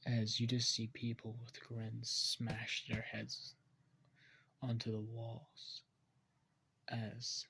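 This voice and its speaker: A man improvising a dark story aloud, rambling and hesitant, often correcting himself. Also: mid-range voice, completely flat delivery, slow, vocal fry, long pauses, slight background noise.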